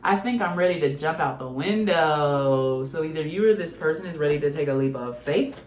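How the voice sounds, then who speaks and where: A woman's voice: deep voice, normal speed. A woman giving a casual tarot card reading, talking bluntly with swearing and breaking into bits of song. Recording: echoey room with faint music.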